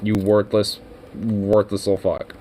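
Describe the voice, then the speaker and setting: A man's voice: fairly low pitch, monotone, a little slow, dark tone, a little hiss or hum. A young man doing reaction commentary over a clip, swearing, mocking and laughing as he talks.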